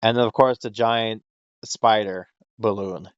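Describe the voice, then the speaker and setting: A man's voice: on the low side, fairly even intonation, measured pace, smooth, no room sound, muffled recording. A man hosting a casual podcast chat, rambling and swearing freely, laughing often and acting out quotes. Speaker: podcast host.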